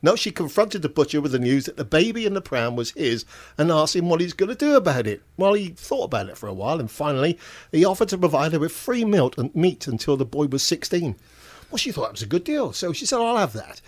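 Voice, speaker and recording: A man's voice: a little high, quick pace. Older man telling stand-up jokes. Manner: deadpan, chuckles at his own punchlines. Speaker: stand-up comedian and show compere.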